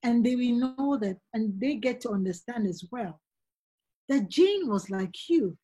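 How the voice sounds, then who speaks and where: Husky-voiced woman telling stories. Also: on the high side, lively intonation, measured pace, dark tone. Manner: earnest and storytelling, acts out quoted voices. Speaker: guest author. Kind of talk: casual conversation.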